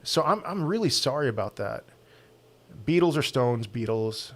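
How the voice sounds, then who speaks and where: A man hosting a casual live question-and-answer stream, giving blunt, quick opinions and getting animated on sports. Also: mid-range voice. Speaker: crypto channel host answering viewer questions.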